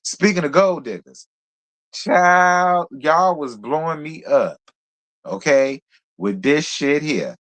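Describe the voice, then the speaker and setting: A man's voice: fairly high pitch, lively intonation, slow pace, fairly bright tone. A man hosting a casual celebrity gossip livestream, sassy and slangy, greeting viewers by name and sounding groggy from a nap. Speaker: celebrity gossip channel host.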